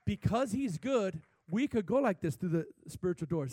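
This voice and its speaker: A man preaching a sermon as pastor, talking animatedly, with sudden swells in pitch and loudness. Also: animated, normal speed, hardly any pauses, no echo.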